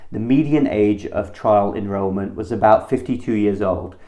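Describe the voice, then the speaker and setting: A male internal medicine physician talks straight to the viewer about a health question. His voice sits a little low and sounds mellow and relaxed. He explains points earnestly and at a measured pace. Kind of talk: solo health commentary to camera.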